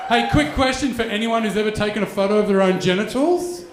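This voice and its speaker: Crude man in his forties, high voice. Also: fast talker, roomy sound, heavy background noise. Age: 40s. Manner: crude, animated storytelling with mock voices. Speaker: stand-up comedian. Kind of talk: stand-up comedy set. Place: stage in a venue with an audience.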